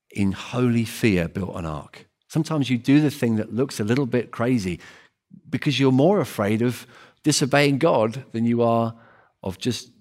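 Guy preaching a sermon, earnest and emphatic, mid-pitched voice, keeps repeating himself for stress. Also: darkish tone.

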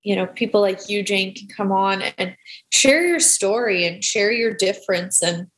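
A woman's voice: medium pitch, moderate pace, a bit bright. A woman hosting a podcast, talking in an effusive way with loose, looping phrases. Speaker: podcast host. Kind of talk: casual podcast conversation.

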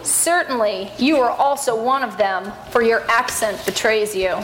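A woman's voice: a little high, unhurried, a bit bright, echoey room, slight background noise, poor audio. A woman reading the accusing lines of witnesses, bystanders and a servant girl in a church Passion reading. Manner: accusing, pointed.

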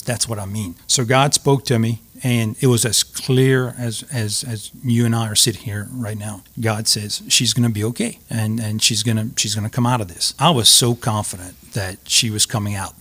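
A middle-aged man with a drawl shares a personal story as an interview guest. He talks earnestly and haltingly, circling back and restarting phrases as he goes. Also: fairly low pitch, a bit bright.

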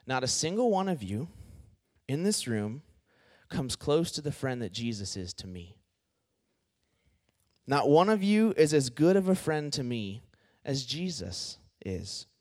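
A man's voice: mid-range voice, very animated, unhurried, darkish tone. A man preaching a casual youth sermon, joking and acting out quoted friends.

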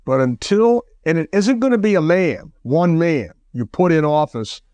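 A man preaching a radio sermon, emphatic, with rhetorical questions and the odd cough or throat clearing. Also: fairly high pitch, lively intonation, normal speed, darkish tone, no room sound. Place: radio broadcast.

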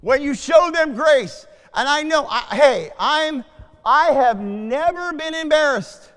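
High-voiced preacher in a long-echoing hall. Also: male voice, slow pace. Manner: expressive preaching, swings from loud to hushed; asks the congregation questions. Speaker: pastor. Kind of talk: sermon.

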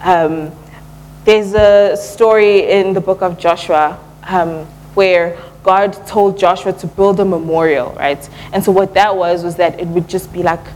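A young woman preaching a relaxed, conversational sermon at church, often pausing with "um" and dropping in casual slang. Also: lowish voice, a little hiss or hum, low-quality recording. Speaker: church speaker.

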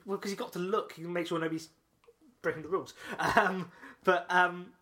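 A man co-hosting a podcast, telling a long story in casual chat, excitable and full of restarts and laughs. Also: high-pitched, fairly quick. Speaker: podcast co-host.

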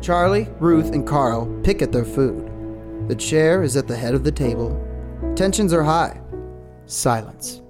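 Male narrator, deadpan stage directions. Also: fairly high pitch, measured pace, music in the background.

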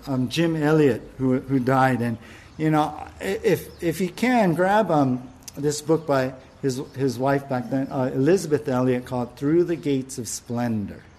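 A man's voice: mid-range voice, darkish tone. A man preaching a sermon, fervent and emphatic, often restarting his words as he presses his point. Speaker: pastor.

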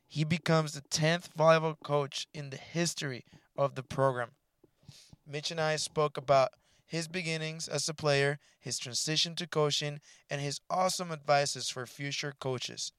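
Male host, friendly and quick to laugh, crisp voice, dead-dry close mic. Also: on the high side, fairly even intonation, fairly bright tone, dry recording. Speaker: podcast host. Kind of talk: casual podcast interview.

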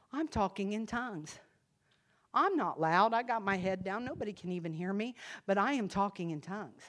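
A woman preaching a sermon, impassioned, swinging from hushed confession to loud emphasis. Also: mid-range voice. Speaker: church speaker.

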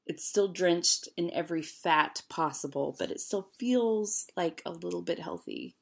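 A woman's voice: on the low side, very animated, measured pace, vocal fry. A woman in her late thirties from Houston, chatting casually as a podcast host in a wry, self-mocking way with plenty of ums and likes. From Houston, United States. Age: late 30s. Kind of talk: casual chat.

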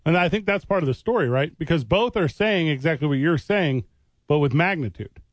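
Guy on sports radio, kinda high voice, argues careful and stubborn. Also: expressive, a little fast, no echo. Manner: argumentative, picks his words with care. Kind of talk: heated sports talk debate.

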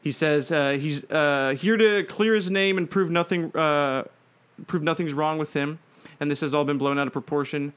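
Guy narrating wrestling matches play by play, kinda high voice, lots of uh and restarts. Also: normal speed, clear, resonant tone. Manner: rambling, frequent fillers and restarts, breaks into laughter. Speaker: fantasy wrestling show narrator.

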